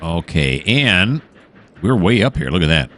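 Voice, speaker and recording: A man's voice: deep voice, very animated, unhurried, sharp tone. A man hosting casual let's-play commentary, rambling and musing aloud with many fillers and restarts. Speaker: gaming channel host.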